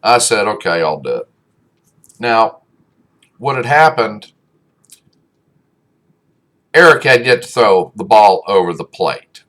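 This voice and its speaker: A man's voice: fairly low pitch, lively intonation, takes it slowly, long pauses, fairly bright tone. A man giving a humorous motivational talk, telling a coaching story in a blunt, folksy, emphatic way. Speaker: speaker, former youth baseball coach.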